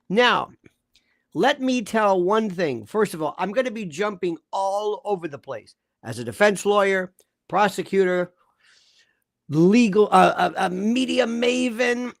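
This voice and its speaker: Animated, emphatic former prosecutor, man. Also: high voice, gravelly, no room sound, studio quality. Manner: animated, emphatic, repeats himself. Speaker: legal commentator, ex-prosecutor. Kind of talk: heated commentary.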